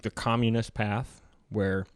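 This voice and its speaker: A man's voice: fairly low pitch, little pitch movement, a little slow, no room sound, clean studio sound. A man hosting a podcast, telling a travel story in casual conversation, chatty and laughing between lines.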